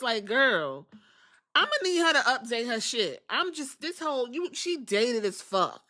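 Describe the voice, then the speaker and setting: A woman's voice: fairly high pitch, big pitch swings, a little slow, pushed and bright. A woman hosting a podcast, recapping in slangy, profane, gossipy storytelling. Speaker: podcast host reviewing wrestling. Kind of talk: casual recap.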